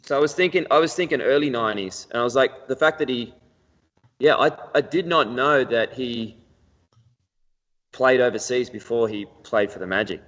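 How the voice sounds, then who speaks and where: An easygoing man chats as a podcast guest, self-deprecating and quick to chuckle. His voice sits mid-range for a man. It comes through a dull, muffled remote line with a long reverb trailing behind it. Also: mid-range voice, fairly bright tone. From Australia. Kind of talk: casual podcast chat.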